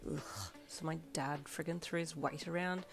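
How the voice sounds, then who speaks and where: A woman voicing a moody, excitable teenage student who grumbles and fills her talk with ums and uhs in a fan audio story. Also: deep voice, moderate pace, faint music behind. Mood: grumpy, eager.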